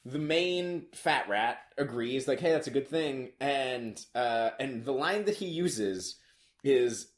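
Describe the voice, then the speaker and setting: A man co-hosting a podcast, casually recapping a movie in an animated, rambling way full of fillers. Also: medium pitch, slow, reverberant. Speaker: podcast co-host.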